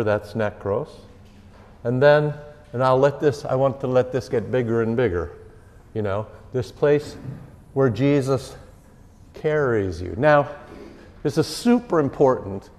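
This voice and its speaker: A man's voice: medium pitch, a little mellow. A man, a pastor, teaching a catechism class in a conversational way and repeating key phrases for emphasis. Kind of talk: informal teaching talk. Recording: long reverb of a hall.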